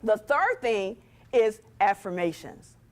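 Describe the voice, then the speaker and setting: A woman giving a motivational talk from a stage, speaking straight to the audience with a lively, preacher-like rhythm. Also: medium pitch, slow pace.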